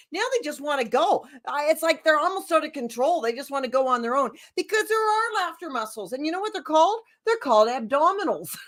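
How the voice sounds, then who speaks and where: A woman leading a laughter yoga session, bubbly and giggly, gently coaching the viewer directly. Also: high voice, expressive, brisk, few pauses.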